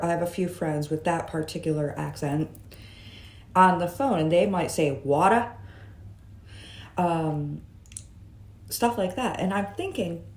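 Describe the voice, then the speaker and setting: A woman's voice: lowish voice, a little mellow. A woman vlogging in a chatty, musing way, with jokey asides, talking from her room. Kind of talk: casual vlog monologue. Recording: roomy echo.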